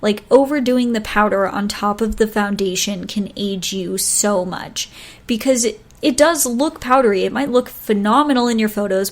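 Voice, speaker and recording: A woman hosting a solo podcast, giving advice in a chatty, casual way, often stumbling over words and laughing at her own slips. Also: medium pitch. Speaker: podcast host.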